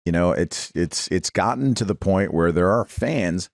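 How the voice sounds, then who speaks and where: Brief: young man, goofy podcast co-host, lowish voice, lively swings, dry close sound. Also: unhurried, creaky, no echo. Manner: self-mocking, goofy teasing. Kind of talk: casual podcast banter.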